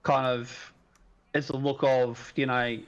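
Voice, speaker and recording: A man describing his character's actions in a tabletop game, speaking slowly and rambling through restarts. The recording sounds dull and lo-fi. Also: mid-range voice, level tone. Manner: rambling, many fillers and restarts. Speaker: player.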